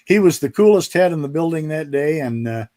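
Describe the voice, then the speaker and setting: A man's voice: on the high side, expressive, a little fast, mellow. An older man, a retired fighter pilot, telling folksy stories as a guest on a video call and chuckling through his restarts. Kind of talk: storytelling in a live interview.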